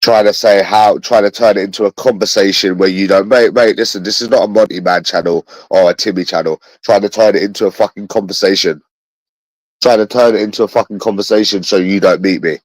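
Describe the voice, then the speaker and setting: Low-voiced bitter London man ranting. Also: fairly even intonation, a little fast, no echo, rough recording. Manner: bitter, repetitive, swears often. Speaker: livestreamer talking to his chat. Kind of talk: rambling livestream monologue.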